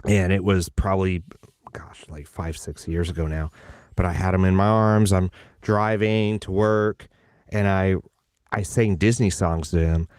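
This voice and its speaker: A voice actor, a man, chatting casually and telling animated stories, slipping briefly into character voices. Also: low-pitched, a little slow, smooth, no room sound, studio quality. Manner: animated storyteller who slips into character voices. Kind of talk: casual conversation.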